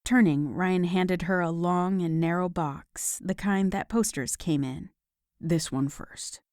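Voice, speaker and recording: A woman narrating a romance audiobook in a calm, even storytelling manner. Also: lowish voice, a little slow, no room sound, studio quality. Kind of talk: scripted narration.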